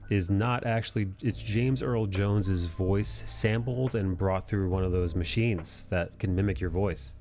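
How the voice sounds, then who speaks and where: A man's voice: low-pitched, unhurried, hardly any pauses, darkish tone, soft background music. A man hosting a drawing live stream, chatting casually in a rambling, profane way that keeps correcting itself. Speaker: live-stream host and comic artist.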